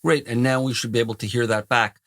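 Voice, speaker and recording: A man calmly explaining how he builds a cinematic cue in music production software, in a tutorial voice-over. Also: mid-range voice, fast talker, a little hiss or hum. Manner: calm, explanatory, technical. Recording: voice over loud background music.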